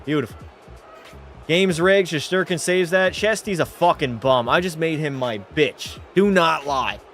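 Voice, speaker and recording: A man's voice: on the high side, moderate pace, fairly bright tone, faint music behind. Rowdy, tipsy young man streaming a game. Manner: rowdy, profane, mock play-by-play, reads chat aloud. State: tipsy from a few drinks. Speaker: gaming streamer. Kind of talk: live-stream commentary.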